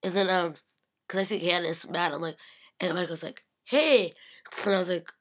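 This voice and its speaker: A woman's voice: fairly low pitch, little pitch movement, fairly quick. A young woman gushing and rambling about meeting celebrities, filling her talk with "like" and acting out what people said. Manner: acts out quotes in shifting voices. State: slightly sick. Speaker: vlogger. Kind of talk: casual recap of a fan convention.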